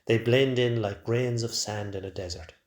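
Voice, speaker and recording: A man narrating a first-person story in a quiet, measured way. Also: medium pitch, fairly even intonation. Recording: roomy echo.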